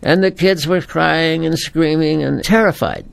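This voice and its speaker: Gravelly-voiced priest telling a story. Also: male voice, a little high, a little slow. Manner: folksy, animated storytelling. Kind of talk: storytelling homily.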